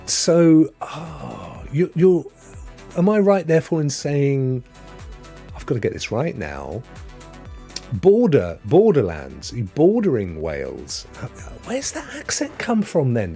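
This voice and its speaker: A mid-range, warm voice with wildly swooping pitch belongs to an English man in his fifties whose accent combines Potteries and Sydney with a bit of Devon. At a measured pace, he hosts a live stream, chatting matily and rambling as he reads viewer comments, with soft background music playing.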